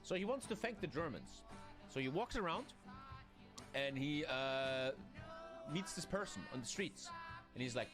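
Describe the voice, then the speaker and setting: A man's voice: fairly high pitch, expressive, measured pace, pauses often, over music. A man telling a joke in a storytelling way, often adding "right?" and "man".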